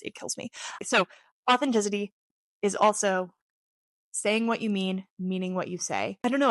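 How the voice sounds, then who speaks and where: A woman's voice: medium pitch, no echo, studio quality. A woman in her thirties speaking casually to camera about personal growth, earnest and open, drifting into tangents with self-deprecating humor. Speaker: athlete sharing reflections on her channel. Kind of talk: casual reflective talk to camera.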